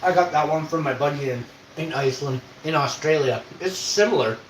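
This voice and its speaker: A man's voice: on the high side, a little fast. A young man from Canada who streams, telling a rambling casual story, swearing and acting out quoted voices. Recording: echoey room with faint noise.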